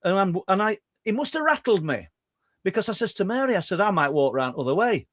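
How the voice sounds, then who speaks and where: A talkative middle-aged man with a Yorkshire accent spins out a story as a guest, tripping over his words and starting again. His voice sits fairly high for a man, and the sound is dry and close with almost no room on it. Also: fast, no echo. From Yorkshire, England. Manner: talkative, stumbling restarts, animated. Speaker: guest researcher. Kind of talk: storytelling in conversation.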